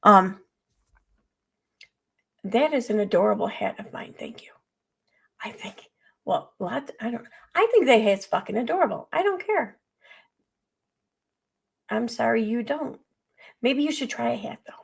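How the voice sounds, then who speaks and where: Blunt gravelly woman streamer. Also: fairly high pitch, expressive, measured pace, pauses often. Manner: blunt, profane, sarcastic, rambling. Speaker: commentary streamer. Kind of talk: casual reaction commentary.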